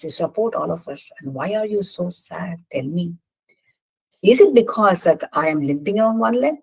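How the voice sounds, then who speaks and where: A woman giving a devotional talk that retells a scripture story. She speaks earnestly and stresses the dialogue gently. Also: on the low side, breathy edge, low-quality recording.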